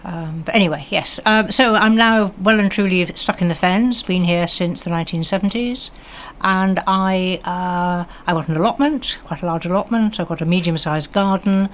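A woman's voice: fairly low pitch, moderate pace, hardly any pauses, slight background noise. An older woman from the West Country with a received pronunciation accent, a guest on local radio talking chattily with many ums. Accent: southern English, received pronunciation. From West Country of England. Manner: chatty, hesitant with ums and restarts. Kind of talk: casual radio chat.

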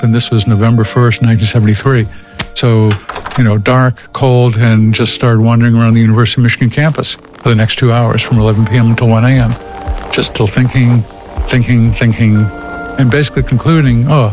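A man telling the story of his past in a reflective, halting way, often repeating and restarting phrases. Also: medium pitch, fairly even intonation, darkish tone, soft background music. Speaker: interviewee recounting his past.

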